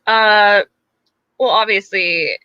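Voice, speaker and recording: Woman cohost rambling in casual sports chat, bright sharp voice, kinda dull dry recording. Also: mid-range voice, fairly even intonation, takes it slowly, clear, resonant tone, no echo. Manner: chatty, hedging, lots of fillers. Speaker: podcast co-host.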